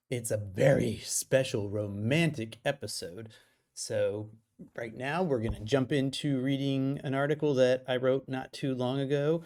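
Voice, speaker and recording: Playful man with a gravelly voice. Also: mid-range voice, a little slow, darkish tone. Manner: playful, self-mocking, jumps to side remarks. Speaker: writer reading his own article. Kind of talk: humorous reading with casual asides.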